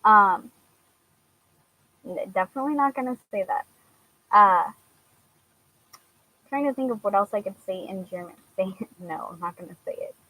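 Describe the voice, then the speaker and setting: A young woman chats casually with her viewers, stopping often with fillers. She laughs easily and talks in a relaxed, everyday voice of middling pitch. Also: normal speed, pauses often, poor audio. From Washington, US. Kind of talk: casual chat answering viewers.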